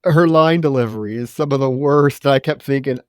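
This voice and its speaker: A man's voice: mid-range voice, normal speed, clean tone, dry recording, studio quality. A man co-hosting a podcast, chatting casually and sarcastically about a film, swearing and often restarting his sentences. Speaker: podcast co-host. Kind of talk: casual film review chat.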